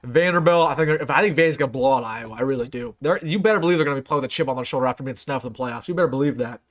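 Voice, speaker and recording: A young man hosting a live sports stream, rattling off bowl game picks in casual, excitable talk and often repeating himself for emphasis. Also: medium pitch, very fast. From United States. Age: young adult. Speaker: sports channel host.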